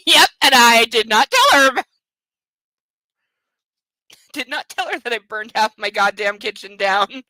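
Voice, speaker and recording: A woman's voice: on the high side, expressive, moderate pace, sharp tone, no room sound, low-quality recording. A woman reading a novel aloud for a comic book club, breaking off into sarcastic, profane commentary.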